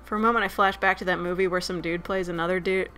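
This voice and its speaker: Woman reading a dating sim on stream, casual, loud, profane, bright tone. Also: fairly low pitch, steady tone, fast talker, clear, resonant tone, soft background music. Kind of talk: reading a dating sim aloud with live commentary.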